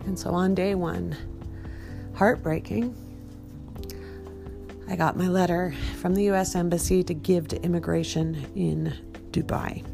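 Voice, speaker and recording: A middle-aged woman narrating her own memoir with intensity, building to loud, emphatic outbursts. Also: lowish voice, creaky. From United States. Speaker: memoir narrator and podcast host. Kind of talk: dramatic memoir reading.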